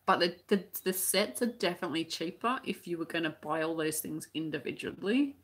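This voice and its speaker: Chatty Australian woman, husky and low. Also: a little fast. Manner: chatty, rambling, with frequent restarts and fillers. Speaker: crochet teacher and live chat host. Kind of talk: live stream chat reading viewer comments.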